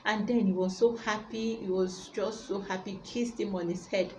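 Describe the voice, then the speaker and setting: A woman's voice: mid-range voice, fairly even intonation, normal speed, slight background noise, low-quality recording. A woman preacher giving a sermon, retelling a Bible story and urging her listeners with emphatic repetition.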